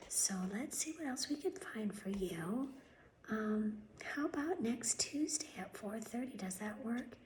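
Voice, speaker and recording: A woman's voice: fairly high pitch, lively intonation, a little hiss or hum. A woman whispering as a syrupy polite receptionist. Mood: sugary, mocking. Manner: breathy soft mocking whisper, slow and syrupy. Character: overly polite female medical office receptionist. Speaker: vlogger doing a mocking impression. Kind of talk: whispered role-play.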